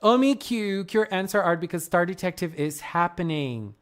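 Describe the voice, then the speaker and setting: A woman's voice: on the low side, lively intonation, moderate pace. A woman streamer chatting casually on a live stream, gushing effusively with frequent exclamations, laughs and gasps. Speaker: streamer reviewing fan art.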